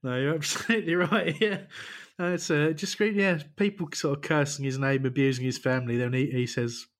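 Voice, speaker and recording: A man co-hosting a casual football podcast, sarcastic and quick to laugh. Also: medium pitch, fairly even intonation. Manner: jokey, sarcastic, laughs often. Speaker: podcast co-host.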